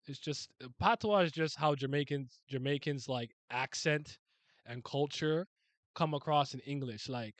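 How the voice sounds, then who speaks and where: A young man from Canada chatting casually on a live stream, answering comments in an animated way and swearing freely. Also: mid-range voice, no echo. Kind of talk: casual live reaction chat.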